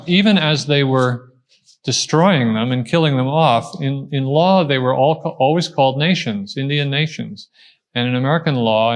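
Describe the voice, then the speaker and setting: A man answering an audience question at a talk, explaining step by step, pausing and restarting as he thinks. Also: medium pitch. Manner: thoughtful, explaining step by step with frequent pauses and restarts.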